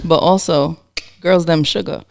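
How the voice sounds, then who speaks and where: A woman co-hosting a podcast in casual chat, candid and animated, laughing often. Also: deep voice, unhurried, creaky. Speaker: podcast co-host.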